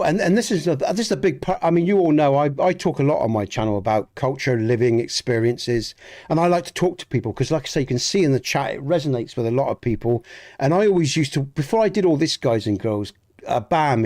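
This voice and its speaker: With a mid-range, expressive voice that's slightly mellow and a bit fast, a streamer from England with a Southwest Dorset accent talks casually with viewers over a game. He rambles earnestly, restarts often and swears mildly.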